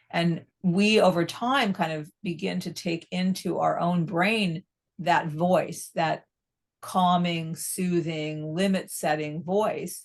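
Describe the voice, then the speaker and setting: A middle-aged woman with a fairly low voice speaks as a therapist guest in an interview. She explains things in a measured, patient way and often checks in with a quick "right?". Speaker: psychotherapist guest.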